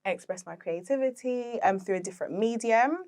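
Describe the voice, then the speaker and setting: A woman's voice: on the high side, brisk, a little mellow. A young woman guest telling stories in a casual interview, chatty and full of fillers, laughing often. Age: young adult. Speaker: podcast guest, interior decor founder.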